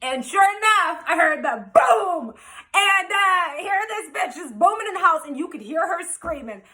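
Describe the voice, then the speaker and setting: A woman telling a wild personal story in a casual, animated, profane way, acting out what everyone said. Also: very high voice, normal speed. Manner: animated, profane, quoting herself.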